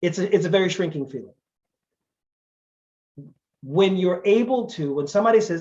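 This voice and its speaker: An animated male lecturer talks through his points in a relaxed, conversational way, slipping into other people's voices for the quotes he tells. His tone is warm and mellow, and the recording sounds dull and lo-fi. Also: high-pitched, normal speed. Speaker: lecturer on language and culture.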